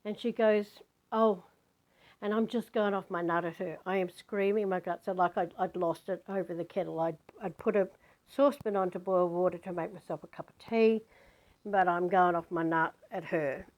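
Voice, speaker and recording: A woman's voice: on the low side, fairly even intonation, moderate pace, a little mellow, poor audio. A woman who is a spiritual vlogger, telling a personal story in a candid, rambling way with plenty of swearing.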